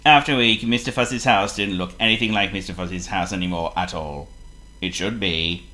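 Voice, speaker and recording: A man narrating a children's storybook in a lively, theatrical way. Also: sits low, a little fast.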